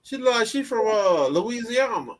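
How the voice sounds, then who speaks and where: A man in a casual street conversation, teasing and skeptical. His voice runs fairly high for a man. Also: big pitch swings, normal speed, noisy background. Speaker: passerby in street chat.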